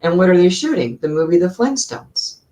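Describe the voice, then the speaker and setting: Lively woman telling set stories. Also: on the low side, a little fast, recorded from a distance, over a noisy crowd, low-quality recording. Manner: animated anecdotes, acts out voices in quotes. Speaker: guest actress. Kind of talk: storytelling in an interview.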